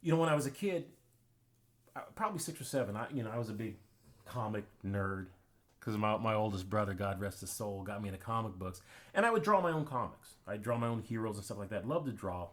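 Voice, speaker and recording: A man's voice: lowish voice, animated, fast talker. A man hosting his own channel, giving an emphatic, preachy commentary monologue and telling personal anecdotes. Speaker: channel host.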